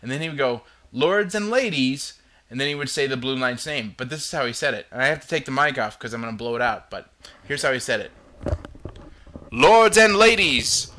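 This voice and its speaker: A man's voice: mid-range voice, sharp tone, a little hiss or hum. A man hosting a show, rambling casually as he tells a story. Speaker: podcast host. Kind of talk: casual chat.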